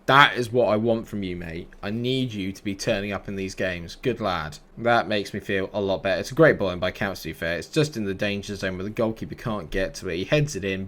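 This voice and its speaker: A man's voice: fairly low pitch, a bit bright. A young man commentating his own football management game in a casual way, grumbling under his breath and breaking into exasperated outbursts. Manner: exasperated, swings from mutters to outbursts. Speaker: gaming YouTuber. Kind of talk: casual let's-play commentary.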